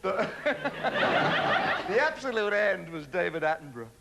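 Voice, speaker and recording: Lively male comedian in a TV studio. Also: high voice, creaky. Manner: brisk joke-telling with punchlines. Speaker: comedian host. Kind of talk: stand-up monologue. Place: TV studio stage before an audience. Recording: 1980s TV studio with a laughing audience, noisy.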